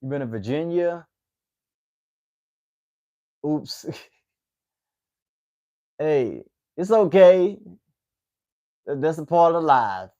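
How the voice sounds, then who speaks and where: Host: late-20s Southern man with an Atlanta accent, relaxed and chatty, talking to his viewers. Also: fairly high pitch, extremely slow, pauses often, dull audio. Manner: laid-back, chatty, reacting to chat. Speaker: livestream host. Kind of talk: casual chat with viewers.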